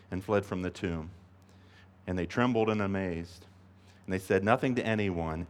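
A man preaching a sermon as a pastor, emphatic and animated, acting out the voices he quotes. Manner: emphatic, acts out quoted voices, rises in pitch when pleading. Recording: long reverb of a large hall.

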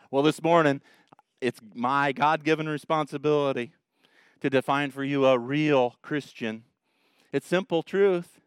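A man preaching a sermon, telling stories with lively acted-out voices and laughing at his own jokes. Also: medium pitch, smooth, no room sound, studio quality. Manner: animated storytelling, acts out voices and shouts, laughs at own jokes. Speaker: pastor.

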